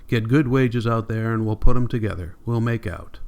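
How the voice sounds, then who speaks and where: A man's voice: fairly low pitch, moderate pace, a little mellow, smooth, close to an everyday voice. A man reading an audiobook, voicing a proud and stubborn migrant farm father who talks bluntly and with dignity. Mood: hopeful. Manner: dignified, blunt rural speech.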